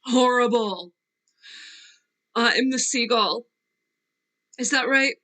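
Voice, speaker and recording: Actress as tearful young Nina. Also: female voice, a little high, takes it slowly, bright, forceful tone, poor audio. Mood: wistful. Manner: wavering, laughing through tears, trailing off. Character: young actress Nina, fragile, restless, wistful. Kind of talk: virtual play reading. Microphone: video call.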